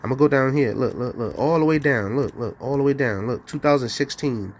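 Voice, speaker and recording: A man's voice: mid-range voice, a little fast, a little hiss or hum. A man ranting on a livestream, heated and profane, laughing between lines. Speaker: livestream host.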